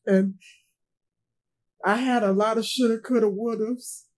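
A middle-aged woman, a grieving mother, speaking in an interview in a halting way, often repeating herself and trailing off. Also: fairly high pitch, fairly even intonation, a little mellow, rough recording. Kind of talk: emotional interview testimony.

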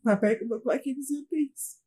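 A middle-aged woman, a grieving mother, speaking in an interview in a halting way, often repeating herself and trailing off. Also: high-pitched, dark tone, breathy edge, rough recording. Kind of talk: emotional interview testimony.

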